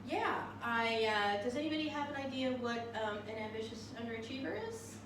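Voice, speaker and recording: A woman's voice: fairly high pitch, brisk, noisy background. A woman doing a cabaret show, chatting to a small live audience between songs with wry, self-mocking humor. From California. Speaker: cabaret comedian. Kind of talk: cabaret show, singing and stand-up. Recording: distant echoey live room with music.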